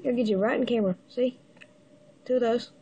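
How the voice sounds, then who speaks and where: A woman with the hiccups giving a casual step-by-step building tutorial, halting and pausing mid-step to show the pieces. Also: fairly high pitch, dark tone, husky, highs cut off. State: has the hiccups. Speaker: toy builder giving instructions.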